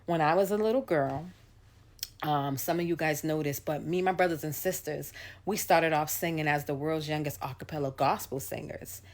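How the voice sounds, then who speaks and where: Chatty woman singer, low-pitched. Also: moderate pace. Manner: chatty, animated, acts out voices in her story. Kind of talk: casual storytelling to viewers.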